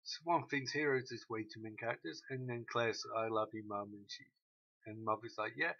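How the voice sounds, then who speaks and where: A man ranting through a TV episode recap, swearing often and mocking the characters in quick quoted asides. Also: on the low side, fairly even intonation, pushed and bright, lo-fi sound. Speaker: show recap host.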